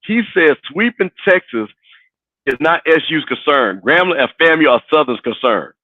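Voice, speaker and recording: A man co-hosting a casual sports chat, animated and teasing, laughing often. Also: a little high, moderate pace, dry recording. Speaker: co-host. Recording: tinny phone-like line.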